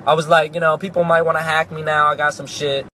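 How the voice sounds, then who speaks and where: A young man casually telling a comic story, animated and profane, breaking into sudden shouts. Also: on the high side, fast talker, slight background noise. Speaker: comedic storyteller.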